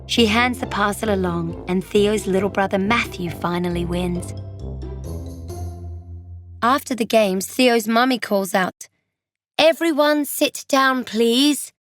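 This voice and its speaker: A woman reading a children's storybook aloud, gently and expressively in a child's voice of narration. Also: medium pitch, unhurried, soft background music.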